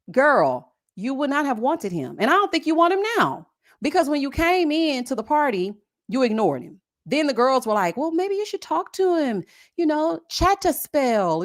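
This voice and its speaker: A woman chatting casually about a reality show, sassy and animated, calling people honey and mocking them with impressions. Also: high-pitched, brisk. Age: adult with a son. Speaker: live-stream reality show commentator.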